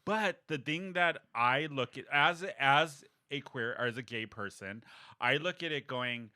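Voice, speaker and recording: A man's voice: mid-range voice, a little slow, pushed and bright. A man co-hosting a podcast in casual chat, chatty and laughing often, trailing off mid-thought. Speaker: podcast co-host.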